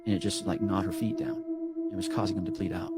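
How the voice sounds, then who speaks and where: A man telling a story in a rambling, profane, animated way on a casual podcast. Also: low-pitched, quick pace, loud music behind the voice. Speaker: storyteller recounting a work call.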